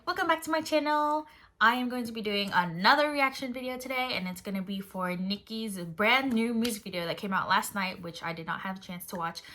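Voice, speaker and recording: Chatty young woman reacting excitedly. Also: medium pitch. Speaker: YouTuber reacting to a music video. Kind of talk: casual reaction commentary. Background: faint music from the video.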